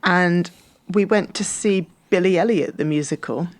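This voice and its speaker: A woman's voice: on the low side, normal speed. A woman co-hosting a podcast in casual, teasing chat, often laughing as she talks. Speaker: podcast co-host.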